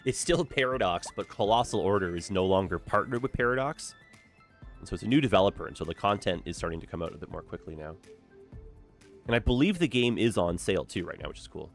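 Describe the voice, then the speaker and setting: A man's voice: sits low, lively intonation, quick pace, vocal fry, faint music behind. A young man chatting casually while live-streaming a city-building game, upbeat and full of "like" and "eh?".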